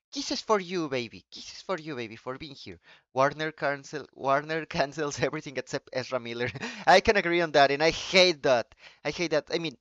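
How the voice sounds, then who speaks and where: Male streamer whose first language is Spanish, with a fairly high, smooth voice. He rants in a quick, excitable way, swears freely and restarts his sentences. The sound is dry and slightly muffled. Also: no room sound. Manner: excitable, profane ranting with restarts. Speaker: live streamer. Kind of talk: casual live-stream chat.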